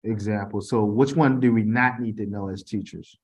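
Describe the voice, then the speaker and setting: A man leads an informal tutoring session, reading out multiple-choice questions. His voice sits on the low side, and he stumbles, restarts and corrects himself as he goes. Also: steady tone, breathy edge, lo-fi sound. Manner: informal, halting, reads quiz questions aloud with restarts. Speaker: TESOL instructor.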